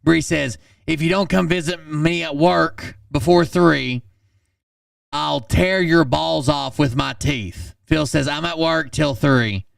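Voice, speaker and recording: Dude reading texts out loud real slow, super gravelly voice, deadpan, sounds a bit far from the mic. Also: male voice, on the high side, dry recording, clean studio sound. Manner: flat deadpan read with blunt asides. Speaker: channel host reading text messages. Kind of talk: reading messages aloud with commentary.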